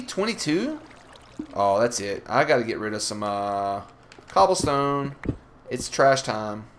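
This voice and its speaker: A man's voice: on the low side, a little slow. A young man hosting a Let's Play, commenting as he plays, swearing and taunting the monsters. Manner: animated, swears, trash-talks the monsters. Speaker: gaming channel host.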